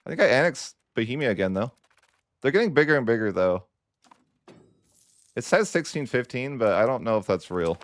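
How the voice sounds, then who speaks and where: A man's voice: mid-range voice, big pitch swings, fairly quick, long pauses, dry recording. A man giving casual commentary over a strategy game, wry and mock-dramatic as he grumbles about his bad luck. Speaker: gaming YouTuber.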